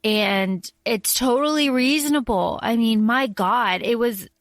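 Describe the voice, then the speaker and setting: A woman's voice: fairly high pitch, measured pace, no echo. A woman co-hosting a podcast, explaining points with examples in casual chat. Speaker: podcast co-host.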